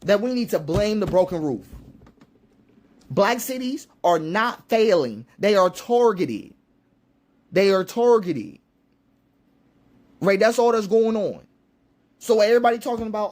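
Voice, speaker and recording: A man's voice: sits high, animated, measured pace, pauses often, a little mellow. A man giving an impassioned, preacherly monologue, repeating his points with emphasis. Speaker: commentator.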